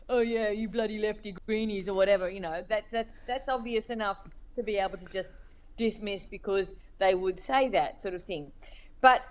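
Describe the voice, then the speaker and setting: A woman being interviewed as a cartoonist, speaking in a thoughtful, halting way as she searches for words. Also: mid-range voice. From Australia. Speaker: cartoonist guest. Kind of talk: reflective interview talk.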